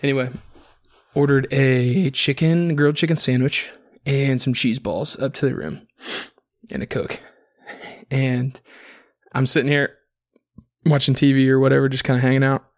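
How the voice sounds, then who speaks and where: A man's voice: mid-range voice, gravelly. A man hosting a podcast, rambling through a crude personal story in a casual monologue full of swearing. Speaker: podcast host.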